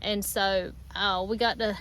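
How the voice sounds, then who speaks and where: A woman, chatting casually outdoors and chiming in with quick remarks. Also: medium pitch, steady tone, a bit bright, poor audio. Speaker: co-host. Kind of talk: casual chat. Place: backyard, outdoors.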